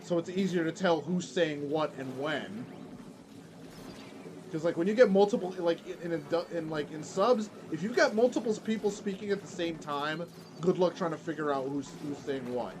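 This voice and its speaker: Man, game streamer, casual chat, rambling, stumbling restarts, slightly high voice. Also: moderate pace, background noise. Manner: rambling, heavy "like" fillers and restarts. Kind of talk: casual chat while gaming.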